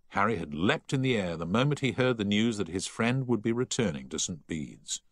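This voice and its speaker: A man with a low, deep voice narrates a novel in a measured storytelling manner. His delivery is lively in pitch, never flat. The recording is close and dry. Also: dry recording. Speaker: audiobook narrator. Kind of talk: scripted narration.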